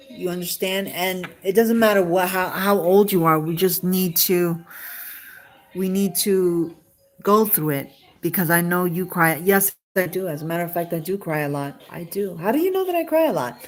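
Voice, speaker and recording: Emotional, rambling woman live-streamer. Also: on the low side. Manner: emotional, repetitive questioning, rambling. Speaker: live-stream host talking to a viewer. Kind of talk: casual live-stream chat.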